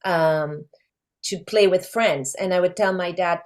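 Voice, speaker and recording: A woman, a guest chatting in an interview and telling lively stories with frequent laughs. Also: lowish voice, measured pace. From France. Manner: animated storyteller, laughs often. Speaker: guest, actress. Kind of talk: casual interview chat.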